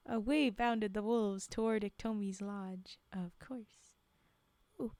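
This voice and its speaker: A woman's voice: medium pitch, fairly even intonation, slow, darkish tone, no echo. A woman streamer reading folktales aloud on a live stream, breaking off for laughing asides to her chat. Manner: laughing asides to chat between read passages.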